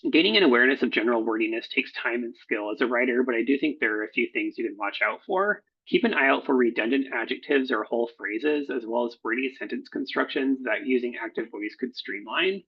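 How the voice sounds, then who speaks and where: A man with a gravelly, husky voice teaches a writing workshop over his slides, often pausing on fillers and restarting words. The sound is dull and lo-fi, like a computer mic. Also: mid-range voice. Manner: halting, frequent fillers and self-corrections. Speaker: proposal editor. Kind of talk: recorded workshop lecture. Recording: dull lo-fi recording.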